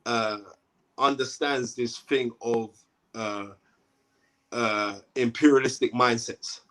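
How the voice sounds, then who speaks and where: A man's voice: medium pitch, steady tone, takes it slowly, a bit bright. A man, a boxing commentator, talking emphatically as a guest and often checking in with "right?". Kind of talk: animated interview talk.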